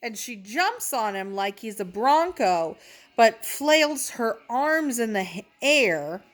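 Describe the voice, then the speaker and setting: A woman's voice: on the high side, very animated, takes it slowly. A young woman telling funny stories in a brash, profane, self-mocking way, laughing as she talks. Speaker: comedic storyteller. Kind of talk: casual storytelling.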